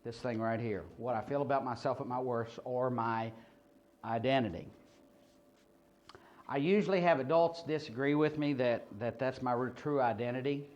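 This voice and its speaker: A man's voice: medium pitch, darkish tone. A man training people at a ministry seminar, talking informally with stories, many fillers and restarts. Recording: muffled lo-fi recording.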